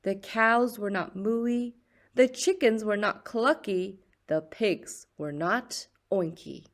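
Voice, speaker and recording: A woman reading a children's picture book aloud in a slow, expressive storyteller's voice. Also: medium pitch.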